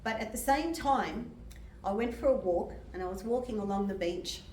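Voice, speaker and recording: A woman's voice: medium pitch, normal speed, slight background noise. Older woman preaching in an echoing hall. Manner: gentle, emotional, laughs often. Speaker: medium and reverend. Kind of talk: sermon with personal testimony. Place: church hall. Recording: echoey hall from far off.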